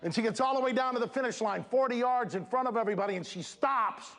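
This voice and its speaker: A man giving an energetic, emphatic motivational speech at a school assembly, speaking straight to the students. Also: extremely high pitch, fast. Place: school gym or auditorium. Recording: echoey hall, crowd noise. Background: student audience.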